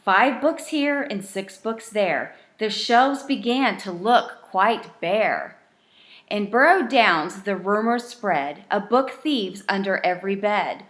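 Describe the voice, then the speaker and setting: Woman reading a rhyming bedtime story, slow and gentle, sing-song rhythm. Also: mid-range voice, lively intonation. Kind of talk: bedtime story read-aloud.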